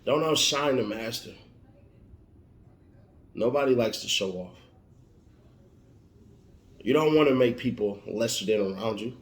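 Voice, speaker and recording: A man's voice: mid-range voice, unhurried, long pauses. A man giving an emphatic motivational monologue, warning and repeating his points like a preacher. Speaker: motivational speaker. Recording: roomy echo.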